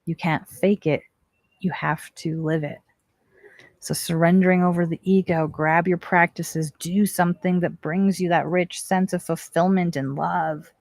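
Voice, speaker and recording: A woman's voice: on the low side, fairly even intonation, unhurried, a little mellow, no room sound. A woman hosting a spiritual talk radio show, speaking in an earnest, encouraging way and asking many rhetorical questions.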